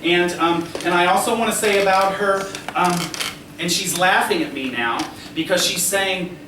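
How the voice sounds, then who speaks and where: A man's voice: high-pitched, moderate pace. A man working as a psychic medium, giving a live demonstration to a seated audience in a restaurant and constantly checking in with the listener, laughing lightly as he goes. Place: restaurant dining room before a seated audience. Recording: roomy, distant camera audio with background noise.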